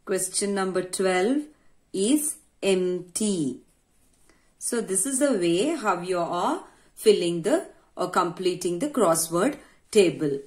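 A woman's voice: on the low side, lively intonation, unhurried. A woman teacher with an Indian English accent, patiently walking young children through a grammar worksheet and asking herself questions as she explains.

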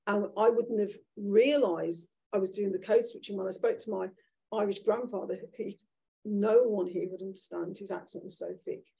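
A Brummie woman in her sixties from Birmingham, England, speaks onstage as a guest author in an event room with an audience. Her gravelly, husky voice is mid-range, mellow and dark, at a moderate pace, and she tells candid, animated stories in a conversational way, often restarting.

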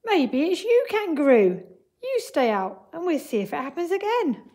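A woman's voice: high voice, big pitch swings, normal speed, pitched above the performer's own voice. Bellowing storybook man, as a woman puts him on. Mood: angry. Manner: bellowing, loud and emphatic. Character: excitable shouting man who owns a bath. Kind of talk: storybook read-aloud.

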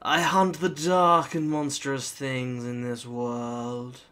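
A British man reading out the lines of a Victorian gentleman demonologist in a slow, theatrical, ominous manner. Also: mid-range voice, level tone, smooth. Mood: ominous, grand. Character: pompous Victorian gentleman demonologist, male, middle-aged.

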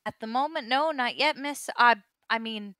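A woman voicing a gruff, bossy male dwarf barkeeper who calls everyone lad and lass. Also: on the high side, moderate pace, bright, forceful tone, no room sound, pitched above the performer's own voice. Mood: matter-of-fact.

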